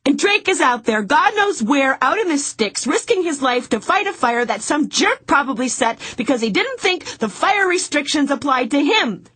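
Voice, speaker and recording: A woman's voice: mid-range voice, lively intonation, moderate pace, pitched above the performer's own voice, close to an everyday voice. A woman voicing an outspoken, exasperated woman investigator in a first-person audiobook. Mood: frazzled.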